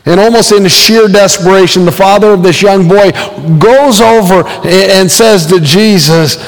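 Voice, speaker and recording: Pastor, man, slightly high voice, relaxed storytelling sermon with fillers, long church reverb. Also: moderate pace. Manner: conversational storytelling with frequent fillers, acting out quoted voices.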